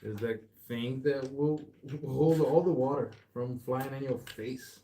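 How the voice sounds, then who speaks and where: A man's voice: medium pitch, unhurried, dark tone, slight background noise. A young man, chatting casually while repairing a bike in his shop, rambling and calling the listener man and bro. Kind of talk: casual chat while working.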